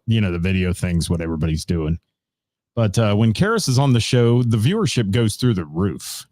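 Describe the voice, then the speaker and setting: A man's voice: fairly low pitch, a little mellow, no echo, studio quality. A middle-aged man hosting a live-streamed radio show, rambling casually with lots of fillers as he greets viewers by name. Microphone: studio mic.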